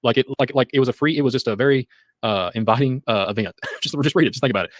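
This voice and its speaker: A man co-hosting a casual religious podcast, talking quickly and excitedly, with sarcastic asides and muttered trail-offs. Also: mid-range voice, dry recording. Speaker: podcast co-host.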